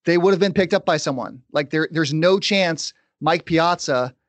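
A man's voice: on the high side, no echo. Dry-sounding podcast host man. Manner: conversational, quick asides. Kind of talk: casual sports podcast chat.

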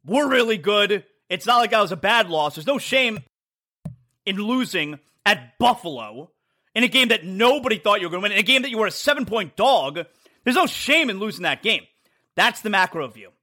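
A man hosting a sports talk show delivers an emphatic, blunt monologue, repeating his points and mocking rival teams. His high voice is sing-song, bright and forceful, at a normal speed.

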